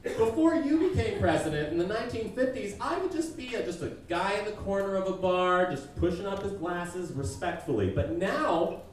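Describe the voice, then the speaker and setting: Halting, rambling man roasting on stage. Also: high-pitched, expressive. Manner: rambling, halting, self-deprecating. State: sick, congested. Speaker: stand-up comedian. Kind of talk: roast stand-up. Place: comedy club stage. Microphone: stage mic at a distance. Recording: echoey stage from far off, crowd laughter.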